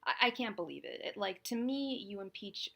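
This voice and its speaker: A woman's voice: mid-range voice, sing-song, moderate pace, fairly bright tone. A woman reading tarot on a live stream, chatting in a rambling way with lots of fillers and restarts. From California. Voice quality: slightly gravelly voice. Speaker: tarot reader.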